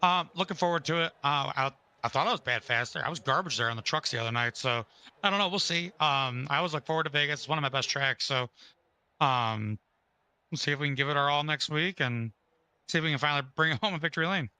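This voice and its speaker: A man who races sim cars, hoarse from losing his voice, talking matter-of-factly and a bit self-deprecating after a race, on a headset mic. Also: a little high, fast talker, sharp tone, low-quality recording. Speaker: sim racing driver. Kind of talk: casual post-race interview.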